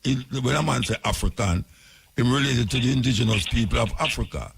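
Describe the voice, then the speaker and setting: A man's voice: mid-range voice, fast talker, creaky, slightly rough. A man with a Jamaican accent hosting a call-in radio show, blunt and impatient, cutting the caller off to move things along. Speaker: radio host.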